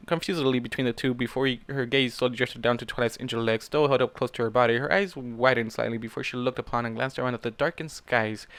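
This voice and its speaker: A man's voice: medium pitch, a bit bright, smooth, no echo. A man reading fan fiction aloud in a casual way, stopping to react and swear at the story. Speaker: fanfic reader.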